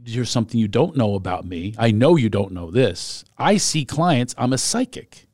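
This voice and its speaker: A man's voice: mid-range voice, very animated, normal speed, darkish tone, no echo, studio quality. Man hosting a chatty interview. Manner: engaged, leading questions and anecdotes. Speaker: host and comedian. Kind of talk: casual interview chat.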